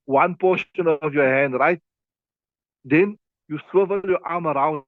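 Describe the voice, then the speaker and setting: In a class streamed online as well as taught live, a man who teaches Islamic law works through a classical text, repeating points and guiding listeners through gestures with his hands. His voice sits on the high side, moving a little slowly with frequent pauses. The recording is dry and sounds tinny, almost like a phone.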